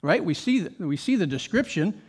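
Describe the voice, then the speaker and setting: Male pastor, high voice, emphatic sermon delivery full of rhetorical questions. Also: big pitch swings, moderate pace, breathy edge.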